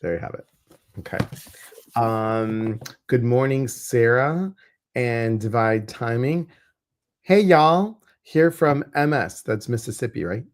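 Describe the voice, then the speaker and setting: A man's voice: medium pitch, slow. Chatty man reading cards on a livestream. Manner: chatty, reads viewer questions, jokes. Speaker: co-host reading oracle cards. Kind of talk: casual livestream chat.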